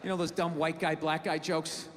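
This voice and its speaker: A man doing a stand-up comedy set on stage, ranting loudly with asides to the crowd, through a handheld mic. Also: a little high, level tone, normal speed. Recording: live venue, crowd and reverb.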